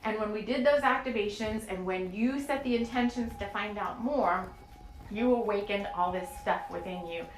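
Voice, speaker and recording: Hosting a spiritual podcast of channeled material, a woman talks at a moderate pace in a mid-range voice, rambling in an earnest, emotional way and leaning on fillers. A little hiss or hum sits under the echoey room sound and soft music.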